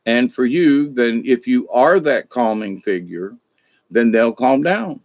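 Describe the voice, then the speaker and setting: A man's voice: medium pitch, expressive, slow pace, no echo, lo-fi sound. A middle-aged man, hosting a casual spiritual talk in a rambling, folksy way that repeats itself. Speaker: spiritual discussion host.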